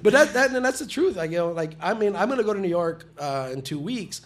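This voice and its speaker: Rambling comedian with a slightly high voice. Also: male voice, expressive, fast talker. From Texas. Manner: rambling, heavy on filler words. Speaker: guest comedian. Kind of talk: casual podcast chat.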